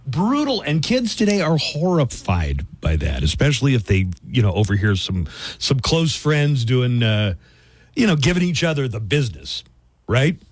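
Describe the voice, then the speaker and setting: A man's voice: medium pitch, very animated, moderate pace, no room sound. A male radio host in casual chat who talks with many fillers and laughs easily.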